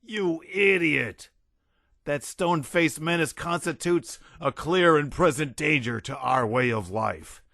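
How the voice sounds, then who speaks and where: A man's voice: medium pitch, slow pace, a bit bright, no echo, studio quality. A man voicing a blustering, raving army general who bellows and rants. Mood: roaring. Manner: bellowing, ranting, unhinged.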